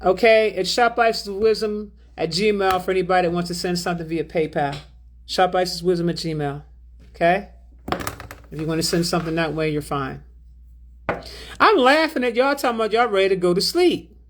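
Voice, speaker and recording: A woman's voice: lowish voice, moderate pace, a little hiss or hum. A woman hosting a spiritual livestream, reading out chat and donations in a drawling, affectionate way, calling viewers baby and beloved.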